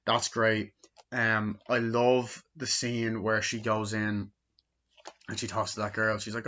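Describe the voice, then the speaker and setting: A young man gives a rambling, casual movie review, cracking jokes and acting out the scenes. His voice sits fairly low. The recording is dull and lo-fi. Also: little pitch movement, measured pace, pushed and bright. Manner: rambling, jokey, acts out scenes. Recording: dull lo-fi sound.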